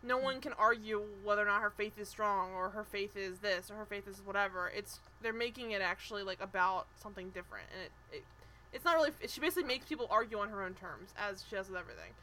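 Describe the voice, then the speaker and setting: Bright-voiced woman, animated recap chat. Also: mid-range voice, fast talker, slight background noise, low-quality recording. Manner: animated, swearing, mimics people she discusses. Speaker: podcast co-host.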